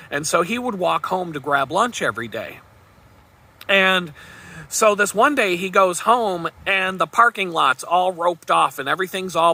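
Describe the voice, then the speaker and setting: A man's voice: a little high, sharp tone. A man vlogging, telling a rambling story in a casual, chatty way and chuckling at it.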